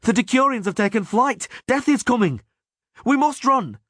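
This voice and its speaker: Panicked foot soldiers who scream and moan that they must flee, voiced by a man. The voice jumps high and strained. It has a husky quality and a dry, close sound. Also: animated, normal speed, a bit bright, no echo, heavily acted. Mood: terrified. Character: terrified common male soldiers, desperate.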